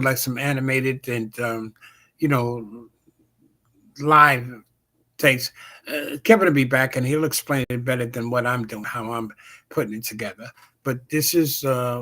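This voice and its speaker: Male host, casual halting delivery, ordinary mid-range voice. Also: mid-range voice, pushed and bright. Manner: halting, many fillers and restarts. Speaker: talk show host. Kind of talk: casual promo chat.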